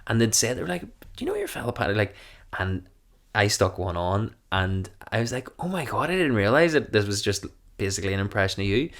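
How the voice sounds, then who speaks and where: A man's voice: fairly low pitch, fairly bright tone. A Northern Irish man, a comedian, chatting casually and rambling through stories with frequent laughs while answering viewer questions. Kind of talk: casual chat.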